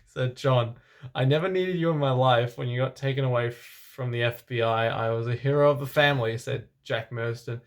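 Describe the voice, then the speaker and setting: Male reader of fan fiction for laughs: deadpan delivery, dry sarcastic asides, middle pitch. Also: normal speed. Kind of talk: comedic dramatic reading.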